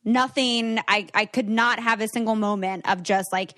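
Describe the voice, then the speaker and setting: A woman hosting a podcast, telling a story in animated casual chat and laughing often. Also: medium pitch, normal speed. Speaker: podcast host.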